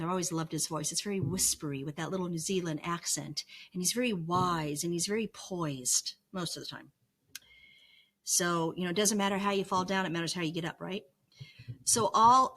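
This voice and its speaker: A middle-aged woman speaks to camera in a reflective vlog, her voice sitting a little low. She teaches in an earnest, coaching way, circling back to the same phrases. She often checks in with a quick "right?". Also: a bit bright. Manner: earnest, repetitive, coaching tone with frequent "right?" asides. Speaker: vlogger sharing her recovery lessons.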